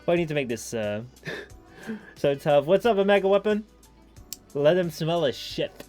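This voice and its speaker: A young Dutch-accented man chats loosely to a live stream audience, piling up "like" and breaking into laughs. His voice sits a little high for a man. Soft music plays faintly in the background. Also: sing-song, moderate pace. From Netherlands. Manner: rambling, lots of "like", laughs often, sudden high squeaky bits.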